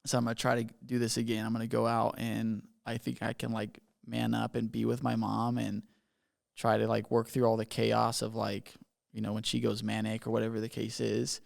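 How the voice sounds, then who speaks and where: A man's voice: lowish voice, completely flat delivery, normal speed, gravelly. A young man from Bermuda telling his story as a podcast guest, talking casually and rambling with lots of "like". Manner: rambling, filler-heavy with frequent "like".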